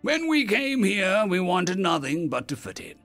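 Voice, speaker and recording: A man playing a ruthless human fleet admiral who speaks with cold menace and raises his voice to shouting. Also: high-pitched, very animated, unhurried, faint music behind, voice pushed up, heavily acted. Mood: commanding.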